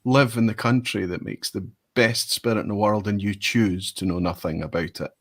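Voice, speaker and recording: A man voicing an excitable Italian whisky-loving friend, with an exaggerated Italian accent, over a video call. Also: lowish voice, moderate pace, slightly rough. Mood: indignant.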